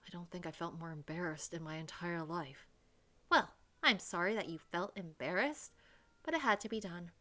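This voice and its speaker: A woman's voice: lowish voice, moderate pace, pushed and bright, pitched below the performer's own voice. A woman narrating as a brash young American spy. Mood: defensive. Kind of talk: first-person narration of a visual novel.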